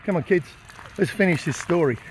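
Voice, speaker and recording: Australian male activist, high voice, defiant and indignant, phone-filmed, faint noise behind. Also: lively intonation, a little fast. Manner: defiant, indignant, raises his voice to make points. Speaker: animal rights activist. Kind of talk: impassioned filmed monologue and confrontation. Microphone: phone camera held by speaker.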